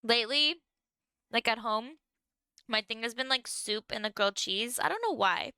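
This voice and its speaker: A woman's voice: on the high side, animated, moderate pace, sharp tone, smooth, dry recording. A young woman streamer chatting casually with viewers while she eats, filling her talk with "like". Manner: chatty, lots of "like", talking while eating. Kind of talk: casual livestream chat.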